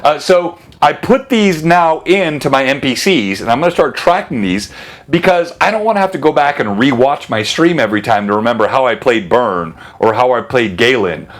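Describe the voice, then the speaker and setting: A man's voice: mid-range voice, animated, normal speed. Chatty male game master on a stream. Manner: chatty, self-interrupting, laughs often. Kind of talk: casual livestream chat.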